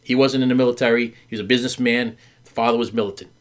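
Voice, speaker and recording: His medium-pitched voice keeps a steady tone even as he races along. This middle-aged podcast host candidly and earnestly tells his wife a story, repeating and stumbling over words with many fillers and voicing the people he quotes.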